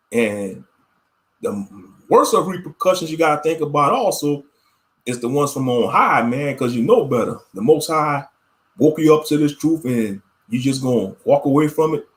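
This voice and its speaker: Slangy, fairly high-voiced male commentator. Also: sing-song, moderate pace. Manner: slangy, preachy, laughs often. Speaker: online commentator. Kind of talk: casual religious commentary.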